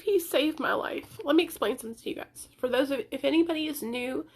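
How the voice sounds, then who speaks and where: A woman's voice: sits high, fast, hardly any pauses. A young woman talking to camera in an emotional personal vlog, earnest and pleading, crying as she speaks. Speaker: content creator sharing recovery story.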